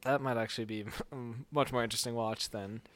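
A man's voice: mid-range voice, fairly even intonation, a little fast, a bit bright. A young adult man co-hosting a podcast, chatting casually about movies, rambling and hedging with fillers. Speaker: podcast co-host. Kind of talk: casual movie review chat.

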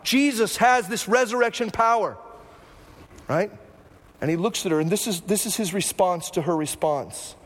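A man's voice: high voice, moderate pace, in a large hall. A male pastor preaching a sermon, repeating phrases and tossing in "right?" asides.

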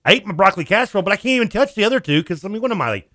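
A man co-hosting a radio sports talk show, telling stories in a lively, laughing, animated way. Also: high voice, rapid-fire, no room sound, clean studio sound. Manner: animated storyteller, laughs often, acts out voices. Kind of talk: casual radio banter.

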